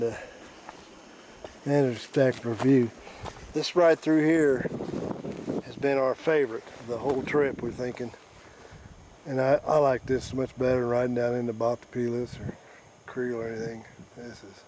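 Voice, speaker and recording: A man narrating his motorcycle trip in a folksy, rambling, relaxed way, outdoors on a rural mountain route, recorded on a helmet camera. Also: mid-range voice, slight background noise. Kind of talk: casual travel vlog narration.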